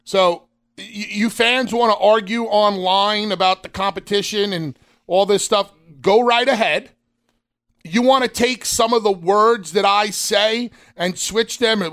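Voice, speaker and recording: A man's voice: high-pitched, unhurried. A man co-hosting a casual wrestling talk show, speaking emphatically and addressing fans directly as a former professional. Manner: emphatic, animated, talks straight to fans. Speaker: podcast co-host, former wrestler.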